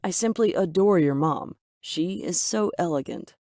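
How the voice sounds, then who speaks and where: Woman voicing a gentle, earnest young man. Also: on the low side, normal speed, dry recording, studio quality, close to an everyday voice.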